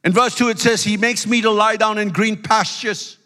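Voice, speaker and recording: High bright preaching man, hall reverb. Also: steady tone, normal speed. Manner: emphatic preaching with hallelujahs and call-outs. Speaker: pastor. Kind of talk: sermon. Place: church sanctuary.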